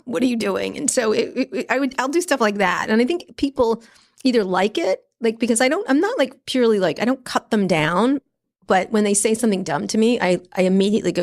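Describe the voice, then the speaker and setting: A woman in middle age rattles off quick, blunt anecdotes. Her voice has a gravelly fry. She swears freely and talks with punchy directness. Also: mid-range voice. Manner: blunt, profane, fast anecdotes with laughs. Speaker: guest, tech journalist. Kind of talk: casual storytelling interview.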